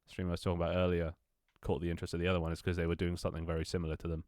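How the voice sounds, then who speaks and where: This is a young man with a very low voice, rambling to his stream audience. He swears casually and trips over his words as he goes. The sound is dry and close. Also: monotone, very fast, darkish tone, no echo. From London, England. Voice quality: swears casually, many restarts and laughs. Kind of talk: casual chat with stream viewers.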